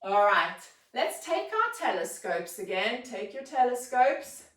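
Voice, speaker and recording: A woman's voice: on the high side, sing-song, measured pace, a bit bright. A woman teaching a children's yoga class, coaxing and playful, telling a little story as she guides the poses. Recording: roomy echo, mic set far off.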